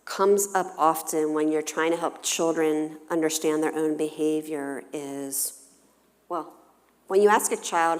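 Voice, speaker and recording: A woman counselor gives a parenting seminar in a church hall, with a voice pitched a little low. She keeps her listeners involved by posing questions to them. Her voice carries a long reverb from the large room. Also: fairly even intonation, measured pace. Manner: engaging, poses questions to the audience. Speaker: family counselor giving a talk.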